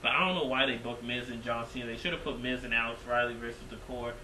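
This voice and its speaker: A man reviewing a wrestling show in casual recap style, excitable and rambling, repeating himself. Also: mid-range voice, quick pace, echoey room, slight background noise, poor audio.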